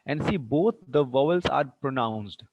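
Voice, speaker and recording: Man, Indian English accent, online lecture, repeats each point, creaky voice, dry dull sound. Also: medium pitch, expressive, darkish tone, no echo. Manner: explains slowly and repeats words, switching into Hindi at times. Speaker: English teacher. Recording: dull muffled online-class audio.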